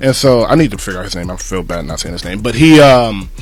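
A man's voice: fairly low pitch, expressive, quick pace, faint music behind. A young man in casual chat, talking loosely in slang and often laughing. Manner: laid-back slang, frequent laughs.

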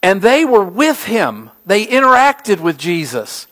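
Preaching at a measured pace, a middle-aged pastor uses a fairly high, fairly bright voice with big swings in pitch. He narrates stories animatedly and builds his main points into emphatic peaks.

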